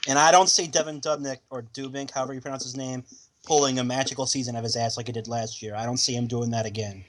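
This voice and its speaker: A man co-hosting a podcast, chatting about hockey casually with quick quips, his voice dropping low at sentence ends. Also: steady tone, noisy background. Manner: agreeable quips, trails off quietly at sentence ends. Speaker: podcast co-host. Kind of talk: casual sports chat.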